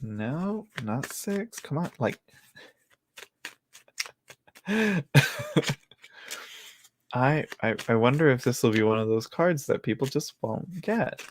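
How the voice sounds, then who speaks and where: A man's voice: medium pitch, lively intonation, takes it slowly, long pauses, slight background noise. A man hosting a live tarot reading, chatting casually with viewers, laughing often and talking to himself as he goes through the cards. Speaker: tarot reader hosting a livestream. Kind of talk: casual livestream chat. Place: indoors at home.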